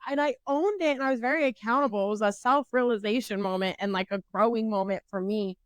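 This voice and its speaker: A woman's voice: on the high side, fast talker, few pauses, no echo. A woman in her twenties, a podcast co-host, casually telling a profane, self-mocking story with rambling fillers and restarts.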